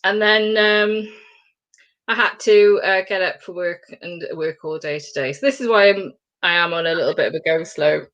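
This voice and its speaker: A woman co-hosting a casual chat show, lively and self-mocking, laughing often. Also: on the low side, moderate pace, muffled recording. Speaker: co-host.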